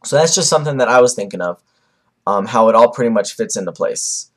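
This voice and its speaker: A man's voice: medium pitch, expressive, fast talker, fairly bright tone. A young man giving casual, rambling commentary on a comic chapter, with many fillers and restarts. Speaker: manga reviewer.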